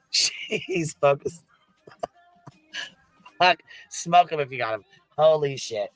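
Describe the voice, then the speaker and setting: A man's voice: a little high, expressive, very slow, pauses often, no echo, faint music behind, rough recording. A man streaming live, talking casually, swearing constantly and laughing through his words.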